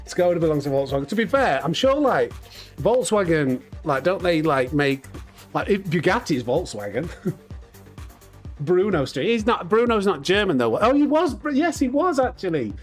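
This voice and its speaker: A man's voice: on the high side, very animated, moderate pace, faint music behind. A man in his thirties hosting a live gaming stream, cheeky and jokey, laughing often and chatting with viewers. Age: 30s. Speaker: streamer host. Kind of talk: casual live-stream chat while gaming.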